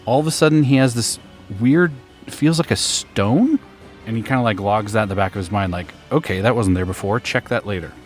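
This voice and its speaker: A man playing a tabletop game, excitable and laughing often as he describes his character's moves. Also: fairly low pitch, fairly quick, faint music behind. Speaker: player. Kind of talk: casual tabletop game play.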